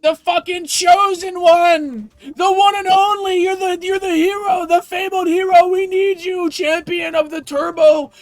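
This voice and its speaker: A man voicing an overexcited male fantasy quest-giver who shouts praise at the hero. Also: very high-pitched, fairly even intonation, a little slow, hardly any pauses, no echo, soft background music, voice pushed up. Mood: gushing.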